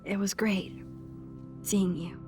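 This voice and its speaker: Woman playing a shy young woman, gentle, hesitant, quiet, game music underneath. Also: medium pitch, steady tone, slow, natural voice.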